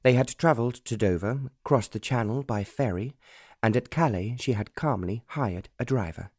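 Mellow male audiobook narrator. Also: mid-range voice, dry recording, clean studio sound. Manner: measured, even storytelling delivery. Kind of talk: scripted narration.

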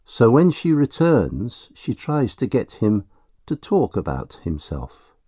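Slow, expressive male storybook narrator. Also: mid-range voice, husky, no room sound, studio quality.

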